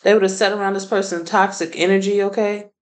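A woman's voice: medium pitch, little pitch movement, fast talker, poor audio. Blunt, profane woman reading tarot. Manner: blunt and profane, laughs often. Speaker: tarot reader.

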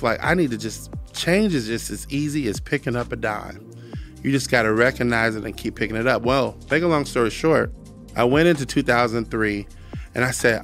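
An earnest man tells his personal testimony at a mid-range pitch and repeats key lines for emphasis. He falls into a preacher's cadence when he quotes scripture. Soft music plays faintly underneath. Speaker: podcast guest.

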